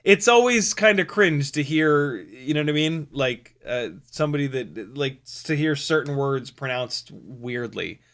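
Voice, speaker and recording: A man's voice: mid-range voice, animated, unhurried, hardly any pauses, a bit bright. An American man hosting a drone live stream, chatting casually and reading viewer comments aloud, with many ums and restarts. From United States.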